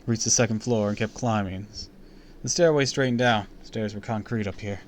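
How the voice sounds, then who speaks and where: A man reading a spooky children's story aloud on a live stream, with an expressive, theatrical delivery. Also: fairly low pitch, normal speed.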